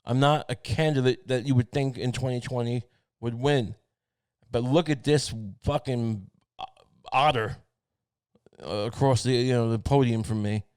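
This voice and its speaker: Guy putting on a crude old politician, brags and throws insults, flat dry sound, nothing around it. middle pitch, plain voice, just mean and loud-mouthed. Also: a little slow, smooth, dry recording, lightly acted. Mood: insulting.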